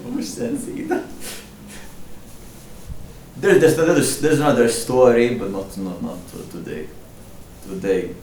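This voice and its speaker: This young podcast host has a mid-range, darkish voice and is very animated, yet slow, pausing often. He chats casually, rambling and joking with frequent laughter. The audio is echoey and roomy from a distant mic, with faint noise.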